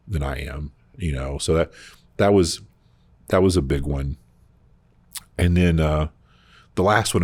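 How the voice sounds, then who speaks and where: Brief: male podcast co-host, very low and husky voice, rambling anecdotes. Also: no echo. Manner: animated, rambling storyteller. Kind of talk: casual storytelling chat.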